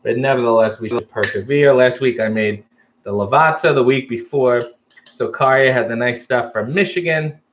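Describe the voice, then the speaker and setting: A man's voice: mid-range voice, moderate pace, dull audio, slight background noise. A man hosting a casual live stream, reading out viewer comments and answering them with wry, joking asides.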